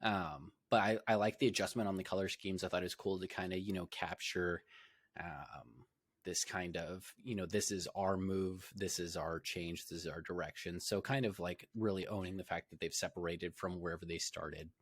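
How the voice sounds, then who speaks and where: A man's voice: sits low, fairly even intonation, moderate pace, slightly rough, no echo, studio quality. A young man co-hosting a podcast, chatting casually and rambling with many fillers and restarts. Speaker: podcast co-host. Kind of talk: casual chat.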